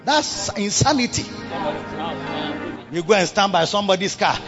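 A man preaching a sermon. He repeats himself and swings between low murmurs and loud bursts of emphasis. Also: expressive, moderate pace, pauses often, muffled recording, over music.

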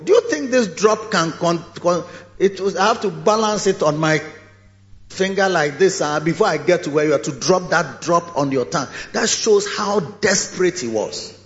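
Animated male preacher in an echoey hall. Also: high-pitched. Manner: lively storytelling, acting out scenes. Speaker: pastor. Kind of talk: sermon. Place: large church hall. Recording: echoey hall, dull lo-fi sound.

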